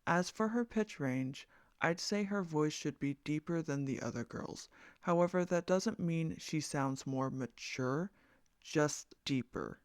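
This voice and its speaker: A man reading character descriptions for a casting call in a measured, plain way. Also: fairly high pitch, smooth, no room sound, studio quality.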